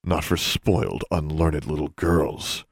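A man voicing a mocking, menacing young man with a low, growling, derisive manner in an audiobook. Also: slow pace, gravelly, no echo, clean studio sound, full character voice. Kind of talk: audiobook character voice.

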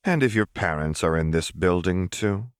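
A man's voice: deep voice, lively intonation, moderate pace, clear, resonant tone, no echo, clean studio sound. A man reading an audiobook, voicing a smug, powerful woman company director in a languid, teasing manner. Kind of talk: audiobook character voice.

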